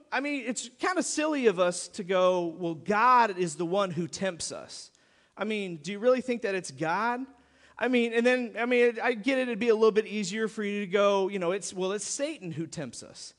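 A man preaching a sermon as pastor, animated and acting out mock prayers for his audience. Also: high-pitched. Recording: long hall reverb.

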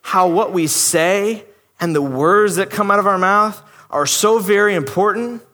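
A man's voice: high voice, a little slow, bright, forceful tone. A man preaching a sermon in a conversational, emphatic way, acting out the voices he quotes. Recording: long hall reverb.

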